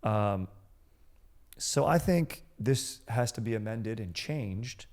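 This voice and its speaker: A man's voice: lowish voice, expressive, takes it slowly, a little mellow. A man in his thirties co-hosting a comedy podcast, chatting casually with a playful, mock-solemn delivery. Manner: playful, mock-solemn, drifts into quoted bits. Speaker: podcast co-host.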